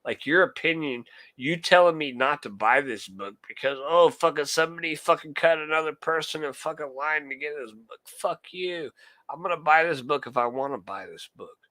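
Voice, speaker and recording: A man's voice: a little high, normal speed, pushed and bright, no echo. A young man streaming live, ranting heatedly and swearing a lot while answering his chat. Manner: profane, heated, talks to chat. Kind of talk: casual ranting monologue.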